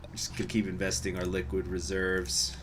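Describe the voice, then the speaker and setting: A man's voice: sits low, monotone, a little fast, a bit bright, slight background noise. A man casually commenting on a strategy game during a live stream, laughing often and answering viewers. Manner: chatty, laughs often, reacts to chat.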